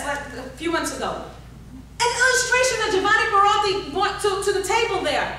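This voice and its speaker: This woman's voice is very high, very animated and fast, with a pushed, bright quality and a little hiss or hum in the audio. Recorded in a big, echoey hall from a distance, she delivers a motivational workshop talk, repeating herself and firing questions at the audience to urge them on.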